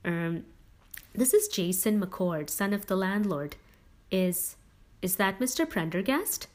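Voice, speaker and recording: A woman's voice: mid-range voice, animated, darkish tone. Nervous teenage boy, voiced by a woman. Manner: nervous, halting, hesitant. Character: anxious teenage boy on the phone.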